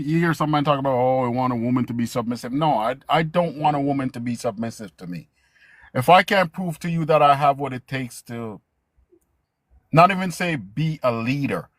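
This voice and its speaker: A man's voice: mid-range voice, a bit bright, dry recording, studio quality. A man, a father, in casual discussion, speaking emphatically and restarting his sentences. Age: adult with a daughter. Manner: emphatic, restarts sentences, stresses key words.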